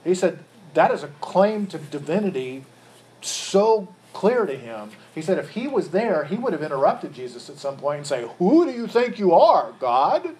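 A man's voice: on the high side, big pitch swings, moderate pace, a little mellow. A man leading an interactive Bible study, quizzing his group and often repeating words as he rephrases.

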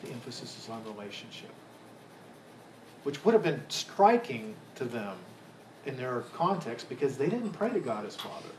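A man's voice: medium pitch, sing-song, normal speed, a little mellow, a little hiss or hum, rough recording. A man preaching a sermon to a live congregation, asking the room questions and restarting phrases as he goes. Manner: asks the room questions, repeats words while restarting. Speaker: pastor.

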